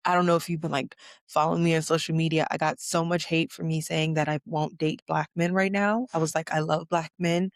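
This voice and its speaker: A woman's voice: low-pitched, steady tone, a little fast, dry recording, clean studio sound. A woman hosting a casual chat, emphatic and outspoken, profane, repeating words for stress. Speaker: podcast host.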